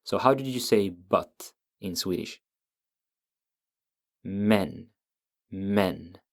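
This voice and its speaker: A man with a fairly low voice teaches a language lesson at an unhurried pace. He explains patiently and repeats every example word slowly so learners can follow.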